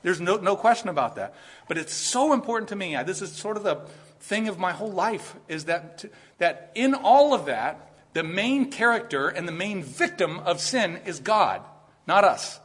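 Husky-voiced man preaching earnestly. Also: high-pitched, big pitch swings, normal speed, fairly bright tone. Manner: earnest, conversational preaching with emphatic rises. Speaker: pastor. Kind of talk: sermon.

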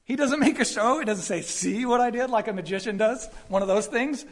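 A man delivers a conversational sermon as a Bible teacher, his voice sitting notably high for a man. He is animated and expressive, slipping into quick character voices for the people in the passage and laughing as he goes. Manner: animated, acts out quoted voices, laughs often. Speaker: pastor.

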